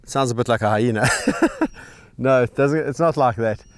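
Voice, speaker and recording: A middle-aged wildlife channel host gives casual, on-the-spot commentary outdoors at a sanctuary, chatty and relaxed, chuckling often and talking to the animals. His medium-pitched voice is smooth and fairly quick. The recording is dry.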